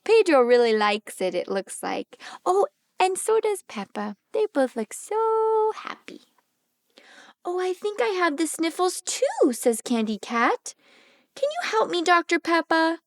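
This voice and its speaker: A woman reads a children's picture book aloud, pausing to ask little listeners questions. Her voice is high and very lively, and she takes her time. The sound is close and dry. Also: dry recording. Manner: gentle, animated, asks the child questions. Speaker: speech therapist reading aloud.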